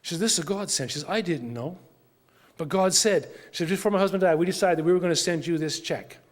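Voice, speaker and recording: A man's voice: high voice, fast talker. An older man, a missionary speaker, telling an earnest mission story in church with emphatic repeats. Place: church sanctuary. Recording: long church reverb.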